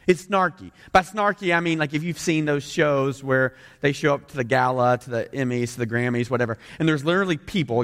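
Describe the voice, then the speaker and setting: A male pastor with a Southern American accent preaches a sermon to a big congregation. He is conversational and animated, throwing quick jokes to the crowd. His voice sits at a middle pitch, and a long reverb rolls through the large room. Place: large room with a couple hundred people.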